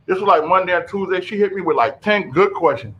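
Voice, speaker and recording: A man hosting a radio show in casual, animated chat, calling out to his co-hosts and listeners. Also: high-pitched, dull audio. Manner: animated, loud, quick repeated calls of "yo".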